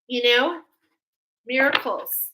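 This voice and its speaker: A woman's voice: high-pitched, slow pace, noisy background. A woman doing a live spiritual oracle card reading, effusive and exclaiming, often breaking into laughter. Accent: American. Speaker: tarot and oracle card reader.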